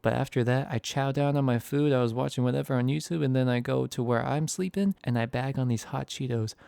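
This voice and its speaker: A man's voice: medium pitch, brisk, creaky, dark tone, clean tone, dry recording. A young man casually telling a storytime over a close voice-over mic, in a laid-back, rambling, self-deprecating way. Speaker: storytime YouTuber.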